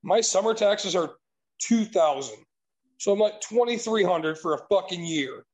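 A man's voice: sits high, expressive, a little slow, rough recording. A man telling an exasperated, profanity-laced story in casual chat.

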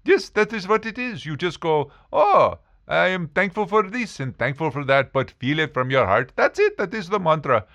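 A serene old guru speaks calmly and patiently, as a man puts him on. The tone is bright and clear, and the pitch moves around a lot. He sounds like a teacher who has explained the same thing many times. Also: moderate pace, few pauses.

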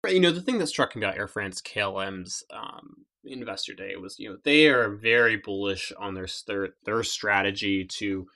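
Male podcast co-host with a lowish voice, easygoing talk full of fillers. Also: normal speed, bright, forceful tone, soft background music. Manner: conversational, many fillers and repeated words. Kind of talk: casual chat.

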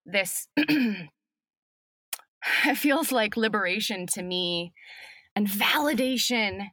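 A woman speaking as an acting professor guest in a reflective podcast conversation, thoughtful and unhurried, with soft laughs. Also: medium pitch, animated, dry recording.

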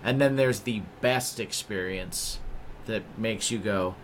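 A man hosting a podcast in casual chat, asking a guest relaxed questions. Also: lowish voice, takes it slowly, a little hiss or hum. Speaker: podcast host.

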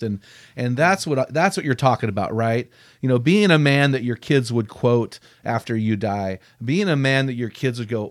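A man hosting a faith-focused podcast interview, enthusiastic and quick to quote authors. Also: medium pitch, dry recording, clean studio sound. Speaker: podcast host.

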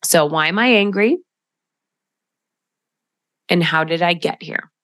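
Slow, low-voiced woman coaching on a podcast. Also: a bit bright, dry recording, studio quality. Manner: reflective, coaching tone with frequent "right?". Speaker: podcast host. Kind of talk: solo podcast monologue.

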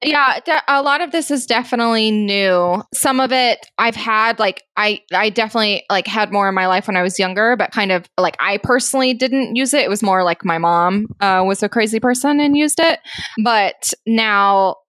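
A woman co-hosting a podcast, talking quickly in a playful, rambling way close to the mic. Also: medium pitch, a bit bright, no echo. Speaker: podcast co-host. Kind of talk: casual podcast chat.

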